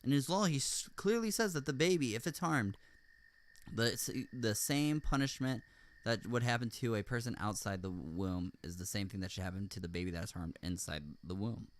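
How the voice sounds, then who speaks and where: A man's voice: fairly low pitch, moderate pace. A man hosting a podcast, speaking in casual and emphatic commentary, often checking in with "all right?". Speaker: podcast host.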